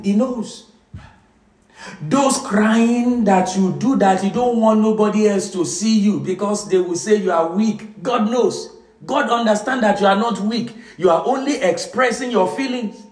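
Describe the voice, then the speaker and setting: Pastor, fairly high voice, preaching emotional, swings loud then hushed, echoey room. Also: male voice, distant mic. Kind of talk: sermon. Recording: echoey room with music behind.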